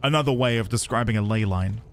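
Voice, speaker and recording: A man's voice: fairly low pitch, fast talker, slight background noise. A man giving casual live-stream commentary, chatting with viewers while he plays and thinks aloud. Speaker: streamer playing a video game.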